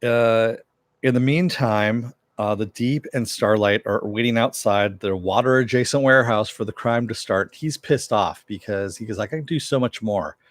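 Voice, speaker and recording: Male reviewer with a low voice, casual recap delivery, dry close sound. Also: moderate pace, no room sound. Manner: conversational, with frequent filler. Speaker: TV show reviewer.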